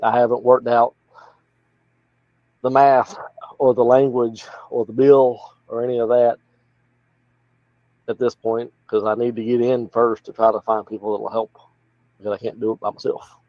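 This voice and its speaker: A man's voice: mid-range voice, little pitch movement, normal speed, pauses often, dry recording. Plainspoken Appalachian man, lo-fi sound. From North Carolina. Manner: plainspoken, folksy, rambling. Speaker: political candidate guest. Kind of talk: casual interview talk.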